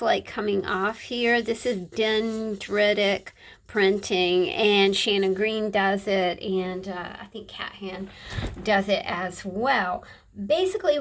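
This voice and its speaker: A woman's voice: medium pitch, vocal fry. A woman vlogging in a casual, meandering chat as she decorates a journal. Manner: meandering, chatty and unhurried. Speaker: craft vlogger. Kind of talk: casual chat while crafting.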